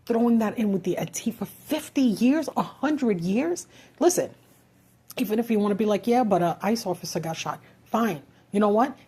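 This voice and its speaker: Frustrated woman ranting urgently, husky voice. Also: medium pitch, dark tone. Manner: frustrated, urgent, swearing, rhetorical questions. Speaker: vlogger. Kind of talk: impassioned political rant.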